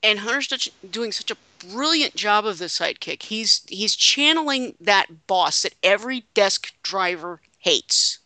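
A woman's voice: mid-range voice, lively intonation, unhurried, hardly any pauses, pushed and bright, no room sound. A woman hosting a casual podcast chat, reading quotes aloud with joking asides. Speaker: podcast host.

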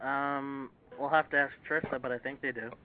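A man's voice: medium pitch, fairly even intonation, moderate pace, slight background noise. A man hosting a casual chat show, steering the talk and putting questions to the others. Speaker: podcast host. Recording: tinny phone-like line.

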